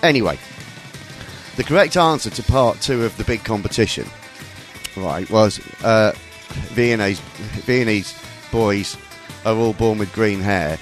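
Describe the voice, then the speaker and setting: A man's voice: lowish voice, expressive, measured pace, faint music behind. A man hosting a podcast, reading listener emails aloud in casual, jokey chat. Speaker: podcast host.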